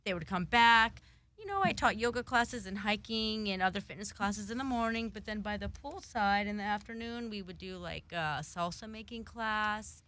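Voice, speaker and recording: A woman's voice: medium pitch, normal speed, bright, forceful tone. A woman chatting as a podcast guest, telling stories in a talkative way, peppered with "like" and "you know". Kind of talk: casual podcast chat.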